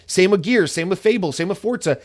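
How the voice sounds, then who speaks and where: A man hosting a solo podcast, ranting in a profane, animated and opinionated way. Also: sits high, fairly quick. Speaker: podcast host.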